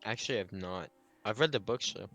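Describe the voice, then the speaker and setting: A man's voice: on the low side, a little fast, a bit bright, no room sound, faint music behind. A man playing in a tabletop game, cracking jokes and teasing the others. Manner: joking, teasing. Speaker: player.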